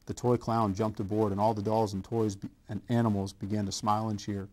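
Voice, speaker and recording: Brief: deep-ish gravelly male reader, gentle children's read-aloud, unhurried. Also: little pitch movement. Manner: slow gentle storytelling with small stumbles. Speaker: coach.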